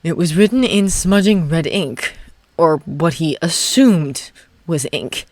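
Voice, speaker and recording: A fan reader narrating a story chapter with an expressive delivery. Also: medium pitch, takes it slowly, dry recording. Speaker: fanfiction reader. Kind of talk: audiobook narration.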